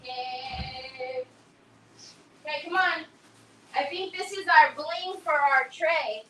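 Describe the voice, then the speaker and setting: A woman with a high, bright voice hosts a crafting livestream, talking at an unhurried pace. She keeps up a playful, teasing banter, fondly scolding a pet that keeps getting in her way. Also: faint music behind. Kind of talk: casual chat.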